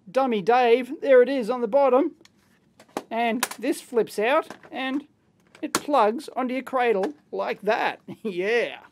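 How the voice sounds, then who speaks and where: A little hiss or hum underlies this unboxing video, hosted by a middle-aged Australian man with a very high-pitched voice in his electronics lab. He rambles excitably through the teardown, full of exclamations and slang.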